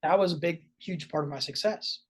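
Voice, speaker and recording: A man's voice: on the high side, a little fast, slightly rough. A man chatting casually on a podcast as a real estate investor, often tagging his points with "right?" and restarting phrases. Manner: conversational, frequent "right?" tags and restarts.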